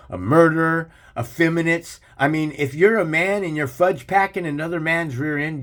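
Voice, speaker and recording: A man holds forth on his channel in a hard, preachy rant. He lectures the listener directly and swears freely. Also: medium pitch. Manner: aggressive, profane, preachy. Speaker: channel host. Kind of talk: ranting religious commentary.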